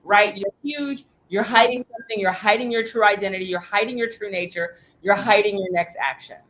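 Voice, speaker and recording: Animated, emphatic woman coaching. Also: medium pitch, a little fast, rough recording. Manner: animated and emphatic, blunt with swearing. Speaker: sales coach. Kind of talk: coaching talk.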